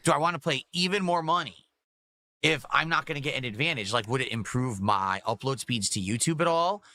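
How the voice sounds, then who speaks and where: Bright-voiced man talking on stream. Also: mid-range voice, brisk. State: sore and yawning. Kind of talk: casual stream talk.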